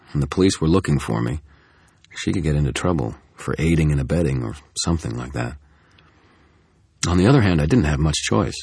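A man giving steady, grim first-person audiobook narration. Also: rumbling low, breathy edge, no room sound, clean studio sound.

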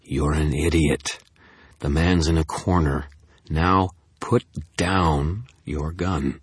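A man doing a calm, commanding FBI agent. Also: deep voice, moderate pace, slightly rough, no echo, studio quality, pitched above the performer's own voice. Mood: quietly firm. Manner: quiet, confident, unimpressed.

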